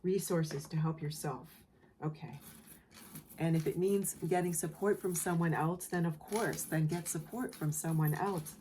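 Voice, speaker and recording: A woman giving a collective tarot reading in a soft, emotional way, often repeating phrases and checking in with the listener. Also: low voice, unhurried, slight background noise. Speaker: tarot reader. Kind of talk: gentle spoken tarot reading.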